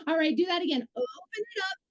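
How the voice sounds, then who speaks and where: A woman singing teacher leading a live group voice lesson, coaching warmly and singing warm-up syllables to demonstrate. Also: extremely high pitch, expressive, fast, low-quality recording. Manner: encouraging, coaching between sung vocal drills.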